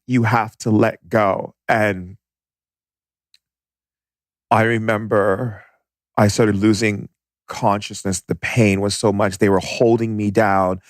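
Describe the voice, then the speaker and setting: A man's voice: on the low side, no room sound, clean studio sound. A man telling a personal story as a podcast guest, intense and vivid.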